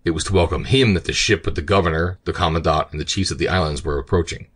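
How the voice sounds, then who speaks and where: A man narrating an adventure audiobook in a steady, measured way. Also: low-pitched, breathy edge. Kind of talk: scripted narration.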